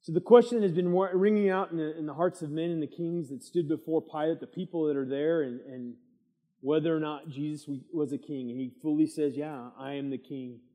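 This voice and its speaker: A middle-aged man teaching a midweek church Bible study, preaching in a lively way and drawing amens from the room. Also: on the high side, fairly quick. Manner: lively preaching with call-and-response asides. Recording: long church hall reverb.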